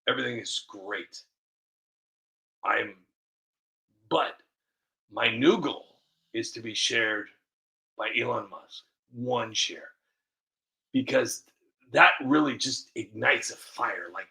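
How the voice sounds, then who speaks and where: A man's voice: mid-range voice, slow pace, gravelly, long pauses, bright, forceful tone. A man, a video creator, rambling casually to the camera with many restarts and fillers, often laughing at himself.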